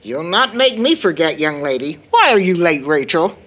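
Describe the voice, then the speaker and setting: A proper middle-aged mother, read by an actress, scolds with prim reproof, her pitch rising and falling a lot. She sounds tired and fond in this stage play reading. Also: big pitch swings, moderate pace, fairly bright tone, poor audio. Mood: reproving.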